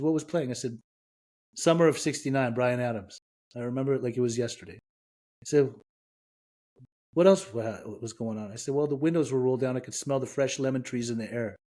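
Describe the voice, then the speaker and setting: A middle-aged man from Iran speaks as a guest on a podcast and tells a personal story. He voices the dialogue of the people in it and lets real emotion into the retelling. His pitch sits in an ordinary middle range. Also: mellow.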